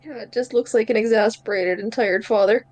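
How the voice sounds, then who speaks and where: A woman's voice: fairly high pitch, brisk, darkish tone. A woman playing a tabletop role-playing game, chatting in a wry, amused way about her character and the others. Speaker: player. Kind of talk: tabletop role-play chat.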